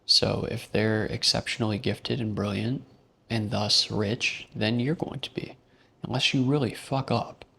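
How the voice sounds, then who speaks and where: Gravelly man ranting bluntly. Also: lowish voice, fairly even intonation, unhurried, pushed and bright. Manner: blunt, profane, rambling. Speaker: vlog host. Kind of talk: casual rant monologue.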